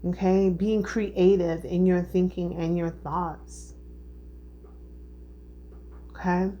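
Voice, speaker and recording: A woman with a lowish, warm voice reads tarot in a flat, slow delivery; the highs are cut off and there's slight background noise. Her spiritual reading is earnest, emotional and heartfelt, full of repetition and check-ins with her listeners.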